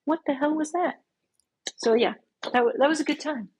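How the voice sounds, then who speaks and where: A woman in her fifties, a podcast guest telling a dating story in a casual, animated way and acting out what she said back then. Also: sits high, normal speed, poor audio. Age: 50s. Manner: animated, acts out her own past lines.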